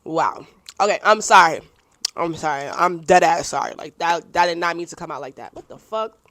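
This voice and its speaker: A young adult woman hosting her own podcast, answering listener questions in blunt, profane, casual chat and quickly apologizing when she oversteps. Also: lowish voice, a bit bright, dry recording. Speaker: podcast host.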